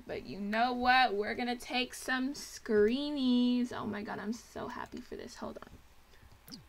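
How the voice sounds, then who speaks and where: A woman's voice: a little high, big pitch swings, slow pace, gravelly. A young woman hosting a casual let's play, gushing and chatty as she comments on her game.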